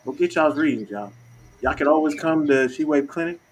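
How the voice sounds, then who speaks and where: Man, host, slangy, laughs a lot, slightly high voice, faint hiss. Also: brisk. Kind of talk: casual livestream chat.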